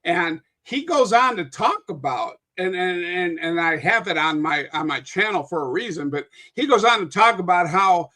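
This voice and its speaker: A man's voice: high voice, expressive, normal speed, hardly any pauses, pushed and bright. A man talking as a guest on a casual podcast, rambling through long stories with many restarts and some swearing. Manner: rambling, with frequent restarts and profanity.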